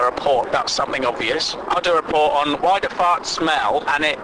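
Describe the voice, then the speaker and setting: A man's voice: on the high side, fairly quick, hardly any pauses, background noise. A man hosting a crude comedy show, ranting and swearing mockingly. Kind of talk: crude comic monologue.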